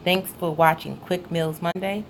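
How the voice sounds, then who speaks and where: A woman's voice: lowish voice, steady tone, measured pace, slight background noise. A woman hosting her own home cooking show, talking casually and directly to viewers with playfully bossy asides.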